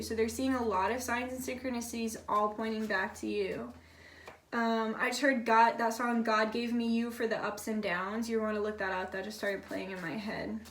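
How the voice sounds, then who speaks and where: A fairly high-voiced woman talks her way through a casual tarot reading in a loose, blunt way, cursing without a second thought. Her voice bounces around an echoey room. She sits a little back from the mic. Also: level tone, normal speed, a bit bright, recorded from a distance. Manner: chatty and blunt, swears freely, many fillers like "like". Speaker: tarot reader.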